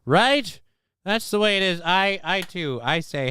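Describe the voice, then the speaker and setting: A man's voice: high-pitched, expressive, a little slow, pushed and bright, clear, resonant tone. A man hosting a livestream, chatting casually and reading out viewer comments in a rambling, profane, joking way. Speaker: livestream show host.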